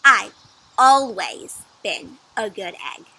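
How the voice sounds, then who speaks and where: A woman's voice: medium pitch, sing-song, slightly rough, full character voice. A woman voicing a cheerful, helpful male egg who is proud of being good, in a children's storybook read-aloud, eager and emphatic. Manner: bright, eager, slow emphatic delivery.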